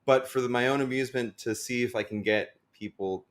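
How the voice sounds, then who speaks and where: A man's voice: mid-range voice, fairly quick. A man, a comedian guest, chatting casually on a podcast, rambling with many filler words and frequent laughter.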